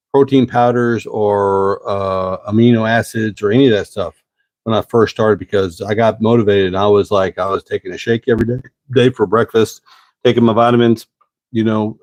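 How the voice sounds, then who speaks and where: A man's voice: on the low side, darkish tone, dry recording. Folksy man in his fifties. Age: 50s. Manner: rambling, folksy, drawn-out pauses. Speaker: host answering live chat questions. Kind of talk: casual live-stream chat.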